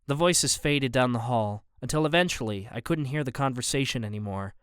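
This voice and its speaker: Smooth-voiced male audiobook narrator. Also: medium pitch, a little fast, fairly bright tone, dry recording, studio quality. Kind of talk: first-person audiobook narration.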